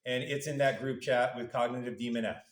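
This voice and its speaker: A man's voice: mid-range voice, fairly even intonation, brisk. A male university lecturer giving a casual classroom lecture, playfully acting out little voices for the parts of a model. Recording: echoey room.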